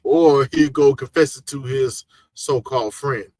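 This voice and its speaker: A man hosting a casual live podcast chat, talking in an animated, slangy, jokey way. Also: medium pitch, measured pace, no echo. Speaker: podcast host.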